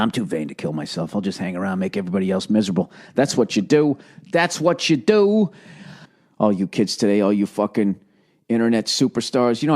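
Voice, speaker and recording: A man's voice: fairly low pitch, a little mellow. Profane ranting middle-aged man. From United States. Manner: profane, ranting, acts out quoted voices. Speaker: podcast host. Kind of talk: rambling comedic monologue.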